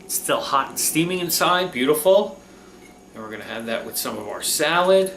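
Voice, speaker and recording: Excited guy doing a cooking vlog, bright punchy voice, echoey kitchen. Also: fairly high pitch, moderate pace, creaky, distant mic, a little hiss or hum. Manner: chatty, enthusiastic, says "okay?" often. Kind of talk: casual cooking demo.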